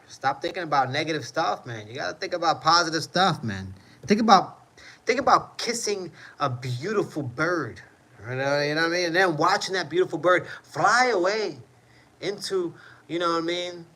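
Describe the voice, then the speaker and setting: Livestream host, male, slightly high voice, loose rambling delivery, chats with his viewers. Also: expressive, moderate pace, bright, forceful tone, rough recording. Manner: rambling, repeats "you know what I mean". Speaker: livestream host reading chat. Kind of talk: casual livestream chat.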